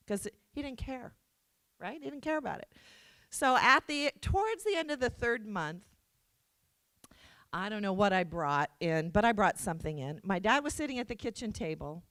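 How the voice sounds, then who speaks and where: A woman's voice: mid-range voice, fairly bright tone, no echo. A middle-aged woman giving a keynote, telling an anecdote and acting out quoted dialogue with a self-deprecating touch. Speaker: keynote speaker. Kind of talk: storytelling speech. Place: conference hall.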